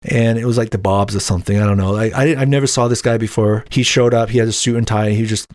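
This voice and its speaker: A young adult man hosting a podcast, telling a personal story casually and acting out the voices of others with a raised pitch. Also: fast talker, dry recording, clean studio sound. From Utah. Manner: animated, acts out quotes in raised voice. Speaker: podcast host.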